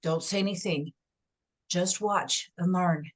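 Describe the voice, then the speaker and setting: A woman voicing a protective mother mouse who gives her little ones steady, hushed warnings. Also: on the high side, measured pace, lightly acted.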